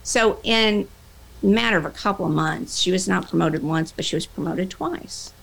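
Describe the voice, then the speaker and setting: A woman workplace trainer giving a motivational talk, animated, acting out both sides of the conversations she tells. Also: on the low side, normal speed, vocal fry, rough recording. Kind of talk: motivational talk with acted-out dialogue.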